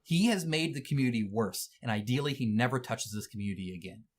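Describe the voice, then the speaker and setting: A man's voice: mid-range voice, animated, quick pace. A man hosting a wargaming news show, giving heated, indignant commentary and scolding the people he talks about.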